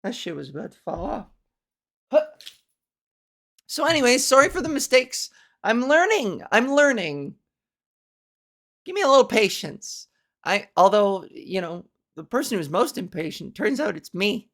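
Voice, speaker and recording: A woman's voice: medium pitch, big pitch swings, measured pace, long pauses, a bit bright. A woman comedian hosting her own podcast, rambling in a profane, self-mocking casual chat. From Canada.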